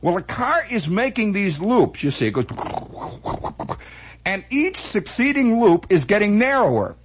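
Male comic monologist, high voice with a husky edge, animated delivery full of sound effects. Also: measured pace. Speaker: storyteller.

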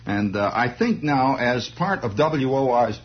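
A man's voice: mid-range voice, animated, a little slow, husky. A man hosting a radio show, telling a comic monologue in a rambling, stammering way on a dull lo-fi radio recording. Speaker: radio talk show host.

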